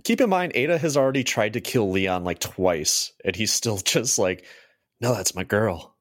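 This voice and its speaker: A man's voice: lowish voice, very animated, normal speed. A man co-hosting a podcast over an online call, chatting casually and with amusement about a video game. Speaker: podcast co-host.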